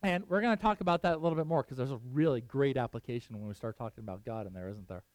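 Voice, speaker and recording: A man's voice: medium pitch, rapid-fire, darkish tone, dry recording. A middle-aged man preaching a casual sermon, chatting with his listeners, asking them questions and laughing often. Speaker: pastor.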